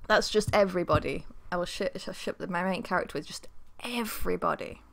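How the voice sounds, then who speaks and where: A woman's voice: on the low side, fairly quick, vocal fry. Chatty woman streaming a dating game. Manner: chatty, laughs often, reacts aloud to choices. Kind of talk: let's play commentary with read-aloud game text.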